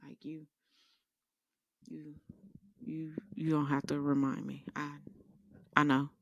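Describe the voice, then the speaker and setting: A woman's voice: deep voice, slow pace, dry recording, highs cut off. A woman podcast host telling sassy, rambling comedic stories in a casual monologue. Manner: animated, rambling, sassy storytelling.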